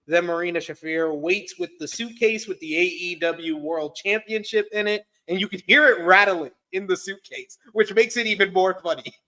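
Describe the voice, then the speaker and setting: Higher-voiced man recapping wrestling. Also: sharp tone. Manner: reads recap notes, wry and blunt. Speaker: wrestling show co-host.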